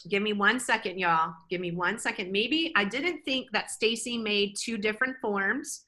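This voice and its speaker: A woman presenting a live online workshop, energetic and chatty, often cutting herself off mid-sentence. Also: medium pitch, moderate pace, poor audio. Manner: energetic, chatty, self-interrupting.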